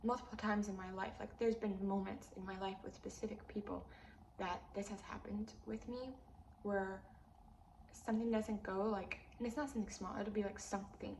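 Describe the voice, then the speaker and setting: A young woman telling an emotional personal story in a rambling way, full of "like", and her voice jumps up high when she vents. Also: steady tone, normal speed, darkish tone. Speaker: vlogger. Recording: echoey room with faint hiss.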